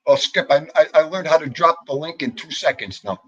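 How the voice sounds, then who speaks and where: A man hosting a casual livestream, chatting loosely and greeting viewers by name with an animated, jokey manner. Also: a little high, fairly quick, slightly rough, dull audio. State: out of breath. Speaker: livestream host.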